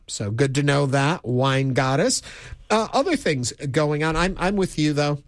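A chatty man hosting a radio call-in show, reading out comments from listeners. His slightly high voice swings lively up and down, and the studio sound is close and dry. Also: unhurried, no echo. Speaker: radio talk show host. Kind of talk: casual on-air chat with listeners.

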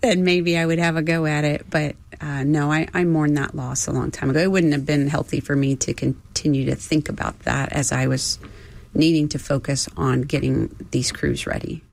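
A woman in her fifties, a former astronaut trainer and interview guest, recalls her past in an earnest, emotional way, with halting restarts. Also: deep voice, steady tone, vocal fry, a little mellow. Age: 50s. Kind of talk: reflective interview storytelling.

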